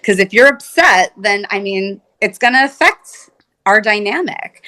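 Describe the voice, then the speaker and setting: A woman's voice: mid-range voice, lively intonation, unhurried, bright, forceful tone. A woman couples therapist speaking in an interview, earnest and explanatory, often acting out the words of her clients. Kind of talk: conversational interview.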